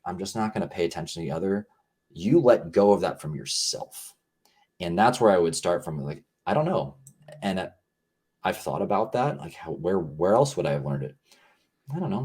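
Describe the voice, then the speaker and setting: Low-pitched and darkish with a breathy edge, this man's voice carries reflective, conversational talk as a podcast guest. He comes across as earnest and rambling, thinking aloud with a heavy use of "like."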